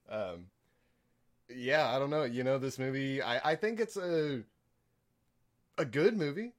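A man's voice: medium pitch, moderate pace. Hesitant, rambling American man. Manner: hesitant, many fillers and restarts, laughs softly. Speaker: podcast co-host. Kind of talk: casual film review chat.

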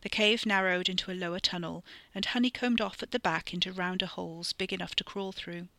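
A podcast storyteller reading a horror story in a steady, measured way, sometimes dropping into a whisper. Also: medium pitch, creaky, dry recording. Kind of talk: scripted narration of a horror story.

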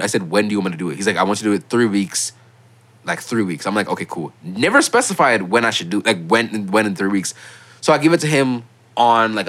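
A young man in his late teens hosting a casual podcast, telling stories in an animated way and getting loud when he quotes himself. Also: lowish voice. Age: young adult. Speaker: podcast host.

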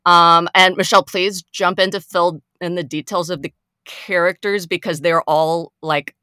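Woman, podcast co-host, casual comedic chat, wry, laughing, bright tense tone, dry recording. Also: lowish voice, moderate pace, smooth, no room sound. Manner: wry, laughs often, reads quotes in a flat deadpan.

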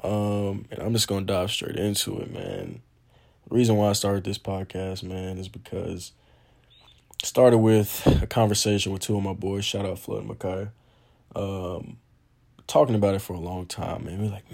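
Earnest low-voiced young man hosting. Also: normal speed, vocal fry, a little mellow. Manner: earnest, informal, frequent "um" and "man". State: nervous. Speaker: podcast host. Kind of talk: casual solo podcast intro.

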